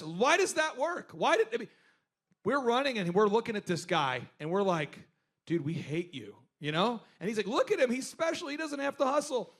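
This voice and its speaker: A man's voice: sits high, fairly bright tone. A man in his forties hosting a business workshop, telling stories to a live group and acting out other people's lines with animation.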